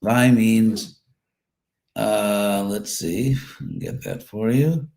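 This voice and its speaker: Man slowly teaching scripture, thinking aloud. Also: on the low side. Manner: relaxed explaining, thinking aloud with fillers and repeats. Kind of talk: live scripture class.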